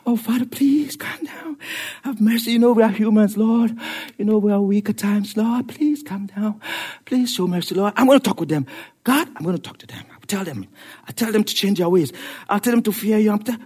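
A man preaching acts out a humble prophet begging God for mercy in a soft, hushed voice. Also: high voice, brisk, slightly rough. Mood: pleading.

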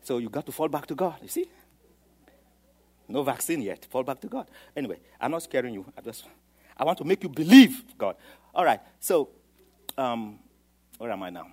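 A man preaching a sermon, swinging from quiet, low asides to loud, emphatic declarations. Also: sing-song, moderate pace, pauses often, husky. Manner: dramatic, swings from soft to loud, acts out quoted voices.

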